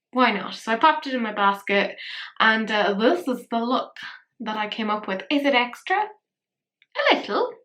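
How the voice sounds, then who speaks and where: A woman's voice: on the high side, pushed and bright. A woman, chatting playfully through a makeup tutorial and poking fun at herself. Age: 30s. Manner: chatty, playful and self-mocking. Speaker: makeup vlogger. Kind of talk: casual makeup tutorial chat.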